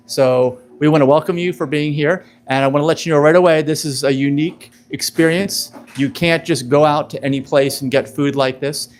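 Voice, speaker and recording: A man's voice: on the high side, a little mellow. A man in his fifties hosting a live event presentation, talking in an upbeat, chatty, loose and rambling way. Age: 50s. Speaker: event host.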